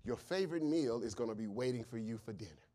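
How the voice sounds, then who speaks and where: A man voicing a mother who gently tells her young son about the meal she will cook for him, in a soft, hushed voice. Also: mid-range voice, expressive, quick pace, pitched below the performer's own voice, lightly acted. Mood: tender.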